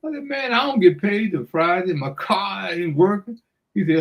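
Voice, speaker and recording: An older man tells a story with a lot of energy, and his voice sits high for a man. He acts out each part of the conversation, laughs often, and keeps saying "man". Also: moderate pace, dull audio. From Washington DC area. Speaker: guest storyteller. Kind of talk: animated anecdote on radio.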